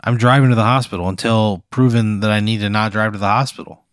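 A man's voice: fairly low pitch, fairly even intonation, quick pace, clear, resonant tone, dry recording, studio quality. A man playing himself in an improvised comedy scene, exasperated and swearing often. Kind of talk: improv comedy role-play.

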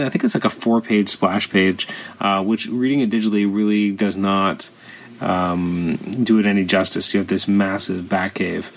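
A man with a somewhat low-pitched voice talks through a comic series in a loose, unscripted way. He leans on fillers and restarts and keeps sounding openly incredulous. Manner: rambling, filler-heavy, incredulous. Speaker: comic book reviewer. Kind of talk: casual spoken review.

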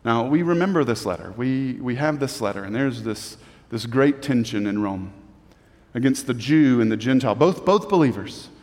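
A man's voice: medium pitch, expressive, moderate pace, darkish tone, in a large hall. A man preaching a sermon as a pastor, building to emphatic peaks and often repeating words as he goes.

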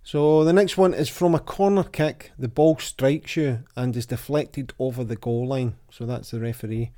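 A man's voice: mid-range voice, moderate pace. A man hosting a casual football chat, reading out old quotes and quizzes. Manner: chatty, reads quotes aloud with lively voices. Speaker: podcast host.

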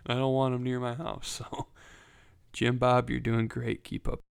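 Young male podcast host, self-mocking and profane, smooth voice at a mid pitch. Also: flat delivery, a little slow. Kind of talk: casual solo podcast chat.

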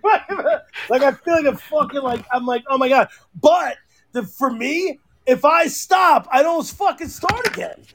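A man hosting a podcast, telling stories in profane, animated casual chat. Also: very high-pitched, a little slow, vocal fry. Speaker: podcast host.

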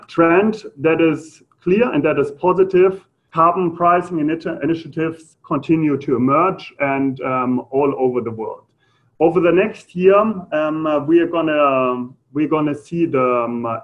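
German-accented man lecturing, halting. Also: medium pitch. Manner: hesitant, many fillers. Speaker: lecturer on carbon pricing. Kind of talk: live lecture to an audience. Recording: muffled lo-fi lecture audio.

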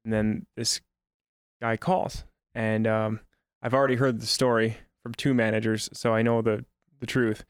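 Wry man telling a story briskly. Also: on the low side, level tone, clear, resonant tone, no room sound, studio quality. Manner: brisk, wry, laughs while quoting. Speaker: general manager. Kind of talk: casual storytelling.

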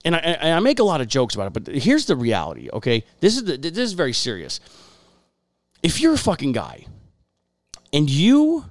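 A man's voice: mid-range voice, dry recording, clean studio sound. A man co-hosting a casual podcast, ranting bluntly and swearing constantly. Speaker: podcast co-host. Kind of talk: casual profane rant.

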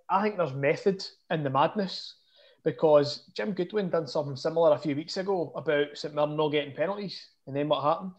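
A man's voice: on the high side, fairly quick, muffled recording. Easygoing Scottish man chatting football. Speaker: podcast co-host. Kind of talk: casual chat.

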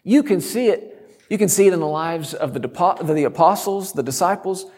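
Emphatic high-voiced male preacher. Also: a little fast, a little mellow. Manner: bold, emphatic, humorous preaching. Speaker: guest preacher. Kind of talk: sermon.

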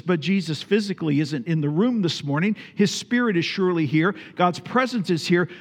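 A man's voice: sits high, in a large hall. A man preaching a sermon as pastor, emphatic, repeating phrases for stress and putting questions to his congregation.

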